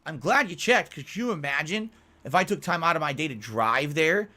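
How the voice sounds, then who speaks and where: Guy ranting quick about a support call, voice jumping all over, doing the other side too. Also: on the high side. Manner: animated, acts out both sides of phone calls. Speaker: commentator. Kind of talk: story-telling commentary.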